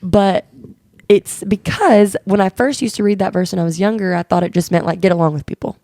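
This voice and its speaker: Earnest woman with a gravelly edge. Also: mid-range voice, steady tone, fairly quick, mellow. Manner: earnest, open storytelling with quoted dialogue. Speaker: podcast co-host. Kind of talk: candid conversational chat.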